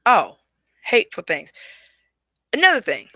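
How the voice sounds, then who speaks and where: A woman's voice: a little high, huge pitch swings, measured pace, bright, forceful tone, no room sound. A woman hosting a solo podcast, talking straight to her listeners in an emphatic, preachy way. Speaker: podcast host.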